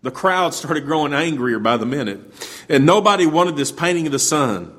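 A man's voice: a little high, lively intonation, normal speed, fairly bright tone. A man preaching, telling a story in a plain, folksy way. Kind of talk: sermon storytelling.

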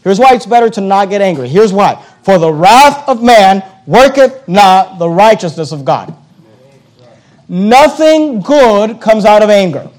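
A man preaching a sermon as a pastor, emphatic and repetitive, with rhetorical questions and slow, deliberate scripture reading. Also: sits high, lively intonation, a little mellow. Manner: reads scripture slowly and deliberately.

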